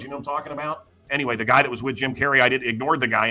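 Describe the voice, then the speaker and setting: A man's voice: medium pitch, steady tone, racing, few pauses, sharp tone, soft background music. Sarcastic ranting male show host. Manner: sarcastic, ranting, mocking asides. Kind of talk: comedic talk-show monologue.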